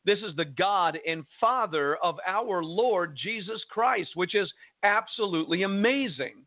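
Emphatic radio preacher, high voice, thin phone-line sound. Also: male voice, animated. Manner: emphatic, drawn-out preaching with rhetorical questions. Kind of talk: radio sermon. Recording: tinny phone-line broadcast.

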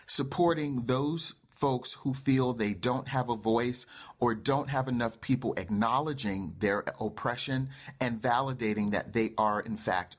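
Speaking with forceful emphasis that swells into fervent, insistent bursts, a man hosts his life-coaching program and gives a passionate monologue. His mid-pitched voice is husky with a slight roughness.

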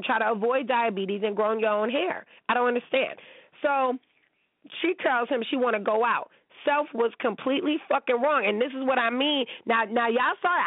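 A woman's voice: a little high, dry recording. A woman hosting a show, ranting in a blunt, profane and sassy casual way. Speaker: host. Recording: tinny phone-like sound, dry.

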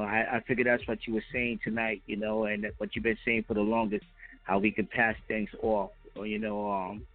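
A man calling in to a talk show, speaking haltingly with lots of fillers. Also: lowish voice. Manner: halting, many fillers and restarts. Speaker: caller. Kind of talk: casual phone call. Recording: dry phone line with faint music.

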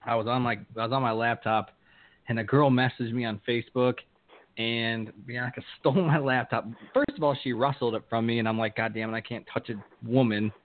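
A man co-hosting a podcast, telling a wild story with lots of swearing and shouted quotes. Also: medium pitch, steady tone, a little fast. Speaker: podcast co-host. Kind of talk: casual storytelling chat. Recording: tinny phone-like sound.

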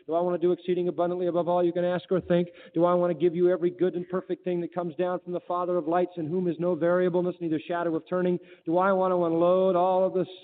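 A male preacher delivering a sermon, emphatic, firing rhetorical questions and quoting scripture. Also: high voice. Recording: tinny phone-like line with long reverb.

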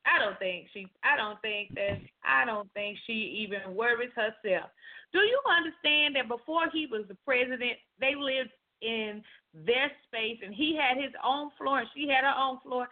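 A high-voiced woman hosting a loose evening chat, blunt and incredulous as she pushes back on her co-host. Her voice comes through thin and narrow, like over a phone line. She teases more than she argues. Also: moderate pace. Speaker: show host. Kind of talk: casual podcast chat. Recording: tinny phone-like sound.

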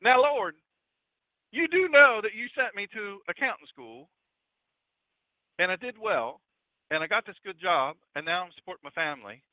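A man's voice: sits high, lively intonation, normal speed, long pauses, dry recording. A man voicing a bewildered male preacher protesting to God, played for laughs over a dry, tinny radio broadcast line. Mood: incredulous. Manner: incredulous, protesting.

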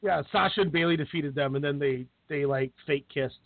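A man with a high, light voice chats loosely on a call-in podcast, laughing and wandering through his stories. The sound is thin and tinny like a phone line, dry and close with no room around it. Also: fairly quick, gravelly, no echo. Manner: laughing, rambling storyteller. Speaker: podcast co-host. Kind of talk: casual chat.

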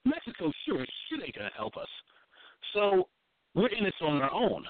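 A man talks through politics in a loose, profane way, stumbling over restarts before landing his point. His voice sits a little high. The recording is tinny and phone-like, with a dry, close sound and no room echo. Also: wildly swooping pitch, moderate pace. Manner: profane, blunt, repeats himself while building a point. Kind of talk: casual political commentary.

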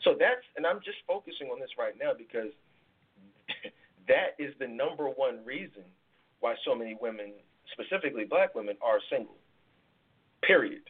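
Husky and expressive, his mid-range voice moves at normal speed but pauses often. As a life coach hosting a live podcast taping, captured with a tinny, phone-like sound, he gives emphatic relationship advice, repeating words and leaning on analogies.

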